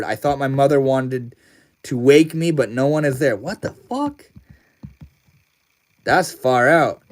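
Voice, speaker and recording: A man's voice: on the high side, a little mellow. Slangy young man chatting on a livestream. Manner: loose, slangy, swears freely, laughs often. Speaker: livestream host. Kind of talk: casual livestream chat.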